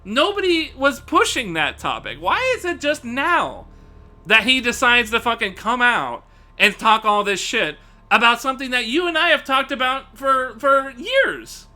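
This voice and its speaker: A man's voice: very high voice, sing-song, measured pace, sharp tone. A man streaming live, ranting casually and profanely to his chat, laughing often.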